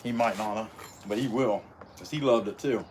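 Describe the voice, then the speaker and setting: A man's voice: fairly low pitch, moderate pace, darkish tone, slight background noise. A middle-aged man rambling in a folksy way on a live stream, talking while chewing as he works on a chainsaw in his workshop. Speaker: livestream host, chainsaw carver. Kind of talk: casual live-stream chat.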